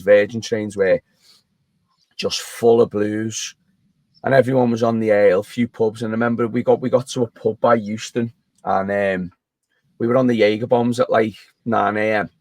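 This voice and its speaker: A man's voice: lowish voice, no echo. A man, co-hosting a podcast over a remote call, telling a long, rambling story with frequent restarts. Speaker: podcast co-host. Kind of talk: casual chat.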